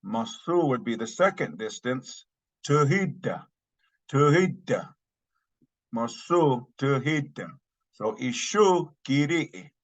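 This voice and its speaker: Male language teacher, unhurried, mid-pitched voice, repeats every phrase twice for the class. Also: very animated, rough recording. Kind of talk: slow language lesson.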